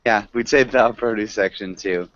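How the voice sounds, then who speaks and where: A man's voice: lowish voice, a bit bright, no room sound. Encouraging male English teacher, dull call audio. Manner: encouraging, laughs often, slow corrections. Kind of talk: online English class.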